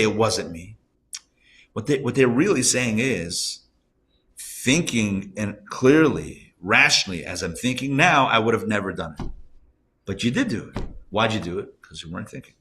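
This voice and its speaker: A man, a rabbi, teaching a live class around a table, conversational and animated, asking rhetorical questions. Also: lowish voice, normal speed. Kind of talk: live Torah class lecture.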